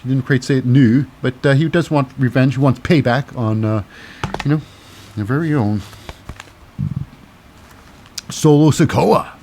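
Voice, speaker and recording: A man's voice: medium pitch, a little slow, long pauses, a little mellow, a little hiss or hum. Cynical male wrestling podcast host. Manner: cynical and wry, with many fillers. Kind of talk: casual wrestling recap.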